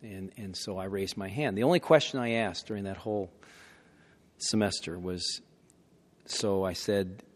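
A man in his sixties telling a folksy personal story, often clearing his throat. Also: deep voice, normal speed. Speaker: speaker telling a conversion story. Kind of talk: anecdotal storytelling talk. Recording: long hall reverb.

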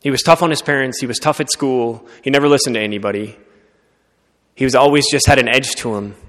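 Preacher in an echoing hall. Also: male voice, medium pitch, fast. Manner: earnest, conversational storytelling with soft dips. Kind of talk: sermon told as a story. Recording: long reverb of a large hall.

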